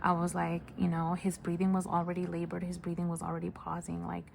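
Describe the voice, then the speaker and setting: A woman who works as a nurse, telling a story in a casual storytime. She speaks softly, often close to a whisper, with many fillers. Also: fairly low pitch, monotone, a little fast, vocal fry, slight background noise. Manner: soft, hushed delivery with many fillers.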